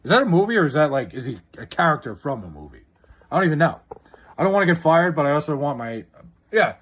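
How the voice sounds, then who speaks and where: A man's voice: fairly high pitch, big pitch swings, fast talker, fairly bright tone. A young man streaming live, chatting casually and bluntly with his chat, swearing a lot as he answers their questions.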